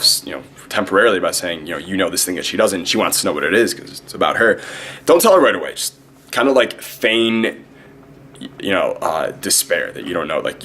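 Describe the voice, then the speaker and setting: Brash low-voiced man, rapid-fire. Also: pushed and bright. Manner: brash, profane, fast-talking; cocky, self-promoting. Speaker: dating coach. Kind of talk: direct-to-camera advice vlog.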